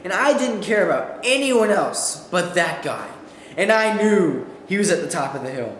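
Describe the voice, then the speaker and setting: A high-pitched young man performs a comic monologue he has memorized as a student, speaking at a moderate pace. He's animated and shouts while acting out quotes, with the school hall adding echo and faint background noise.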